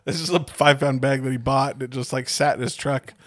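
A man's voice: medium pitch, level tone, a little fast, fairly bright tone, no echo. A young man co-hosting a podcast, telling stories in a laid-back way, swearing freely and laughing often. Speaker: podcast co-host. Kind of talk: casual chat.

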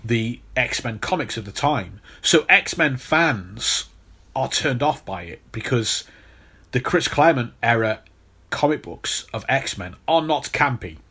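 A man's voice: mid-range voice, animated, takes it slowly, bright, forceful tone, husky. Male podcast host, casual storyteller, loose delivery with plenty of restarts. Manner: storytelling, repeats words when restarting.

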